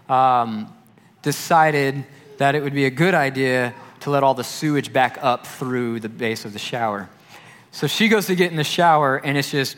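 A man's voice: medium pitch, fairly bright tone. Young guy youth pastor telling a story in his sermon, acts out the voices, big church echo. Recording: long hall reverb.

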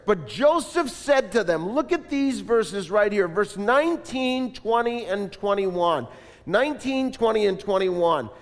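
A man preaching a sermon in an animated style, asking the congregation to repeat lines after him. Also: high voice, moderate pace, in a large hall. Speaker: pastor.

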